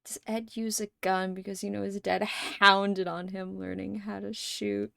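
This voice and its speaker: A woman's voice: medium pitch, little pitch movement, measured pace, gravelly, sharp tone, no room sound, studio quality. A woman live streamer in casual chat, thinking aloud at length and swearing offhandedly.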